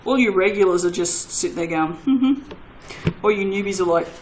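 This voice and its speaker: A woman's voice: lowish voice, steady tone, fast talker, background noise. Chatty woman making soap. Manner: chatty, self-mocking, laughs often, talks to viewers. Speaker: soap-making channel host. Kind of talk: casual chat while crafting.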